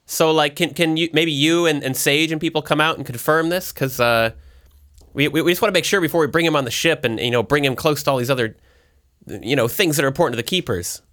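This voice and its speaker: A man playing a tabletop role-playing game, talking in an animated way with stammering restarts. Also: a little high, quick pace. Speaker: player.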